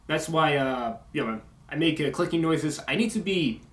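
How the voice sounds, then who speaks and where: Young guy chatting casually, lots of uh and you know, hissy s sounds, echoey room, a bit high voice. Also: animated. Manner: halting, many uh and you know fillers; strong S sounds. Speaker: YouTube video maker. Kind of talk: casual update talk.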